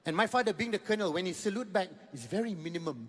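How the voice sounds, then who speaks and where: A man's voice: sits high, lively intonation, very fast, few pauses, fairly bright tone. A Malaysian man in his fifties with a Malaysian English accent, telling a stand-up comedy story, mixing in Malay words and repeating phrases for effect. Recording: long hall reverb.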